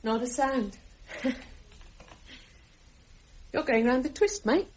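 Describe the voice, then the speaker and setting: A nervous young mother alone in the house at night in a British radio drama. Her high voice jumps all over the place as she mutters to herself, and she takes her words slowly. A faint hiss sits under the recording. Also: expressive, a little mellow. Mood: jittery muttering. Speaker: radio play lead.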